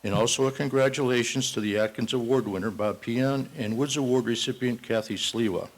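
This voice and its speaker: An older man from Massachusetts delivers a parade marshal's speech in a banquet hall. He talks in a folksy, self-deprecating way with chuckling asides, his voice sitting at an ordinary middle pitch. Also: steady tone, fairly quick. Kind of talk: ceremonial speech with a told joke.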